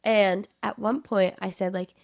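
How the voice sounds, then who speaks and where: A woman's voice: mid-range voice, fairly even intonation, unhurried, gravelly, no room sound, studio quality. A woman co-hosting a podcast, telling stories in a casual, jokey way and slipping into silly voices. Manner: jokey storyteller who slips into silly voices. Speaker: podcast co-host. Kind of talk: casual chat.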